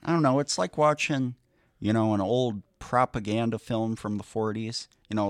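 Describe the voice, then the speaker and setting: Deadpan man with a deep mellow voice. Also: moderate pace, dry recording. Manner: dry, deadpan. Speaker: podcast co-host. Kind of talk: casual podcast chat.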